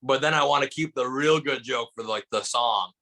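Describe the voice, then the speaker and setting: A young comedian from Michigan talks shop on a podcast, his voice bright and forward at a middle pitch. He rambles through anecdotes, stacking "like" after "like". His delivery stays animated and loose throughout. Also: moderate pace, rough recording. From Michigan, USA. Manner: animated storyteller, heavy use of "like" fillers. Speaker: stand-up comedian, guest. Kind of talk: casual podcast chat.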